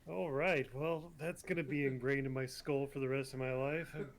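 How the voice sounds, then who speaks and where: A man's voice: mid-range voice, fairly even intonation, moderate pace. Laid-back joking man at a game table. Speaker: player. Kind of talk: casual chat at a tabletop game.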